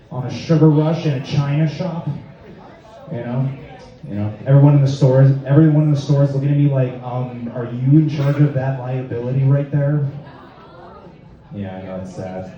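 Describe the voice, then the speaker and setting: A young man doing a stand-up set with a rambling, hesitant delivery full of filler words and awkward, deadpan asides. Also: mid-range voice, moderate pace. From Lexington, Massachusetts. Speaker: stand-up comedian. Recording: echoey, dull sound from a distant mic.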